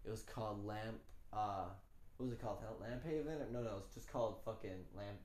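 Excitable, foul-mouthed young man. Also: on the low side, fairly quick. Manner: excitable, swears a lot, slips into acted voices. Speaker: tabletop game player. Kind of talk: casual chat. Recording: echoey room, faint background noise.

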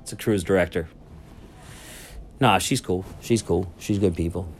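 A man's voice: sits low, normal speed, slight background noise. A man casually rambling through a solo podcast story from a cruise ship cabin, swearing freely and getting sidetracked. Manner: rambling, profane, easily sidetracked. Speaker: podcast host. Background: public announcements.

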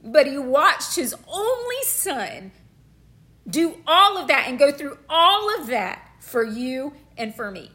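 Fervent high-voiced woman preaching. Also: big pitch swings, takes it slowly, pushed and bright. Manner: fervent, emotional, repeats phrases for emphasis. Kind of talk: passionate sermon.

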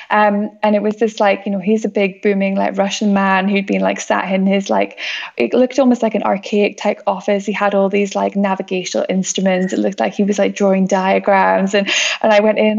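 A woman's voice: mid-range voice, level tone, fairly quick, vocal fry, a little mellow, muffled recording. A woman from the UK, an expedition doctor, talking casually in an interview, chatty and full of fillers. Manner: chatty, many fillers and restarts.

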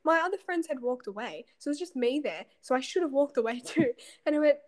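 A young woman with a high, light voice tells a story at length on a casual podcast. She mocks herself and giggles often while she talks. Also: lively intonation, quick pace. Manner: giggly, self-mocking storytelling. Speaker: podcast co-host. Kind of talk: casual chat between friends.

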